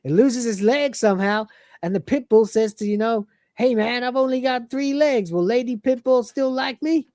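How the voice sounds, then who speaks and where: A woman's voice: fairly high pitch, normal speed, dark tone, no room sound, studio quality, pitched above the performer's own voice, lightly acted. A woman putting on a vain, boastful male cat-man. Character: vain, cocky, thoughtless male humanoid cat.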